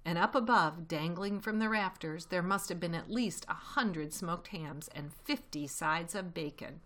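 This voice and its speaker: A woman reading a children's novel aloud in a steady, expressive storytelling voice. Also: fairly low pitch, measured pace. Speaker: reader.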